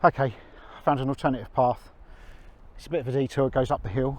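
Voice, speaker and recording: A man's voice: medium pitch, steady tone, fast, a little mellow, rough recording. A man with a chatty, self-mocking manner, talking to a handheld camera while out on a country walk. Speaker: vlogger. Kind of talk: walking vlog to camera.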